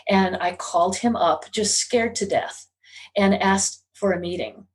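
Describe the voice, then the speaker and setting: As a guest on an interview podcast, a middle-aged psychic medium shares a personal story at a measured pace. She speaks in an ordinary pitch, earnestly and confessionally, with emotion running steadily beneath her words.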